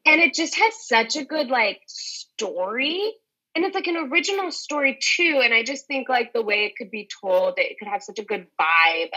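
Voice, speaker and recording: Bright, enthusiastic young woman. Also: fairly high pitch, lively intonation, normal speed, poor audio. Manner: enthusiastic, rambling, many "like"s and restarts. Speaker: interview guest, Broadway performer. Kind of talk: casual interview chat.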